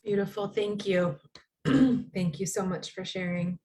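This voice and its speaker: A woman hosts a poetry event over a video call, thanking each reader and introducing the next. She speaks graciously and often pauses with an um. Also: medium pitch, fairly even intonation. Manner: gracious, with many "um"s. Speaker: event host.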